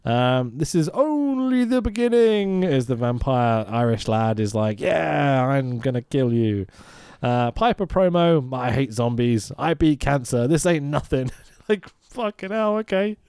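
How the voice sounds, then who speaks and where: Sweary man with a lively voice. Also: mid-range voice, clear, resonant tone, no echo, clean studio sound. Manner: sweary, laughing, mimics characters in quick asides. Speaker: podcast co-host. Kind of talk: casual chat, recapping a film.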